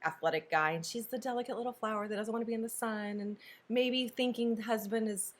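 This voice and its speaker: A woman's voice: fairly high pitch, fast. A woman co-hosting a book review, casually retelling a story and acting out characters' lines.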